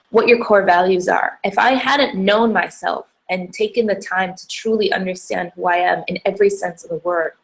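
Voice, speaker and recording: A woman's voice: medium pitch, gravelly. A young woman telling a personal faith story to camera, chatty and emotional, with many fillers. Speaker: hijab brand founder giving a faith talk.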